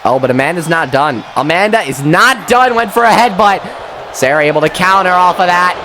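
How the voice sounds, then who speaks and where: A young man giving excitable play-by-play commentary on a wrestling match, with mild swearing and quick self-corrections. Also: sits high, background noise. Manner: excitable, swears mildly, laughs at own slips. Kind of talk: solo play-by-play commentary of a video game match.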